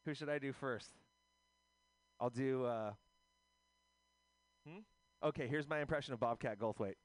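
A man's voice: mid-range voice, a little slow, pauses often, no echo. A man hosting a loose comedic radio show, joking and rambling as he sets up bits and impressions. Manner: joking, rambling, doing silly voices.

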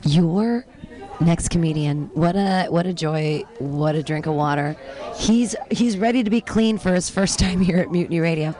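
A woman doing an impression of a famous older male comedian, rambling and mumbling in a drawn-out way. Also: fairly low pitch, mellow, pitched below the performer's own voice, natural voice. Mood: drawling.

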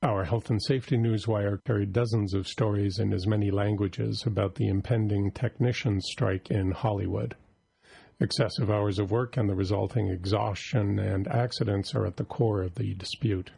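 A man reading a scripted labor news report in a steady delivery. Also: fairly low pitch, moderate pace, creaky, husky, no echo.

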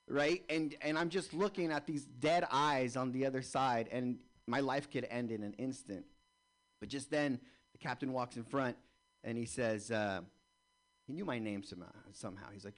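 Stand-up comic, male, animated storyteller on a club stage mic, mid pitch. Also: normal speed. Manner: animated storyteller, acts out dialogue. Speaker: stand-up comedian.

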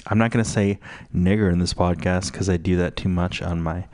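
A man's voice: low voice, steady tone, a little fast, a little mellow, dry recording. A man hosting a radio show, ranting in a profane, rambling, mocking way full of fillers. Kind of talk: crude rambling radio rant.

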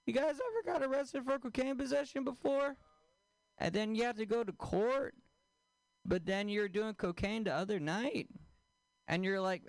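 A man doing a stand-up comedy set, deadpan, with crude punchlines and questions thrown at the audience. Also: high-pitched, moderate pace, no echo.

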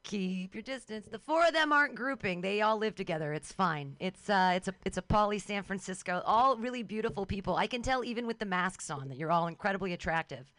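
A woman's voice: medium pitch, lively intonation, a little fast, few pauses, fairly bright tone. A woman hosting an outdoor comedy show, wrapping up an act with cheerful patter to the crowd.

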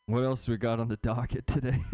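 A man's voice: mid-range voice, warm tone, dry recording. A young man doing a stand-up comedy set, rambling and self-deprecating, stumbling over his words.

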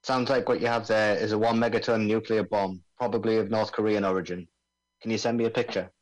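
A man's voice: fairly low pitch, flat delivery, brisk, close to an everyday voice, poor audio. A man doing a put-on Australian accent, voicing a brash male bomb-disposal expert full of slang at an amateur table read over a video call. He is breezy and stumbles over the technical jargon.

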